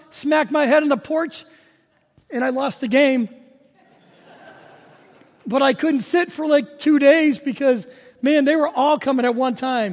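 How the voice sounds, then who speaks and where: A man's voice: extremely high pitch, long reverb tail. A man preaching a sermon as pastor, telling stories in a chatty, joking way. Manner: conversational storytelling with humor.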